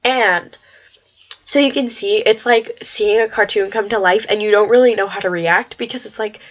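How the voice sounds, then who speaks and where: Teen girl rambling on her webcam, gets excitable and swears, kinda muffled lo-fi audio. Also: mid-range voice, moderate pace. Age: teens. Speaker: vlogger. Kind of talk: casual vlog chat. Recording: slightly dull lo-fi webcam audio.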